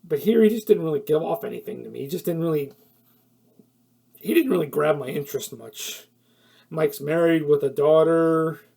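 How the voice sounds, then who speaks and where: A fairly high, gravelly male voice with warmth and a breathy edge moves at a moderate pace. He offers an offhand film review that wanders, stumbles over fillers and corrections, chuckles at his own remarks, and grows heated when irritated.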